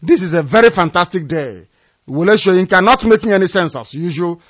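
A man's voice: high-pitched, expressive, fairly quick, fairly bright tone, no echo, muffled recording. A man hosting a call-in radio broadcast, delivering a scornful, preaching monologue. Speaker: radio host.

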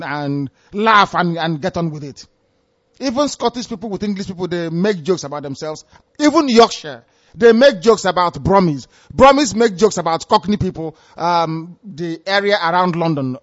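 A man hosts a call-in radio show, speaking in a high voice. He drives his points home by repeating the same phrases. The sound is dull and lo-fi. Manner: interrupts with repeated hold on, emphatic and repetitive. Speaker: radio host taking calls.

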